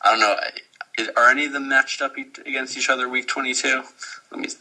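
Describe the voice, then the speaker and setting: A man's voice: medium pitch, fairly even intonation, bright, forceful tone, low-quality recording. A man hosting a podcast about fantasy baseball in casual chat, asking questions and joking. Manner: quick, joking, asks questions.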